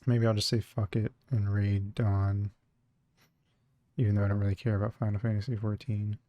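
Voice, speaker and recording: A man's voice: fairly low pitch, level tone, normal speed, no room sound, highs cut off. A man streaming and chatting casually, muttering to himself and swearing offhand as he browses.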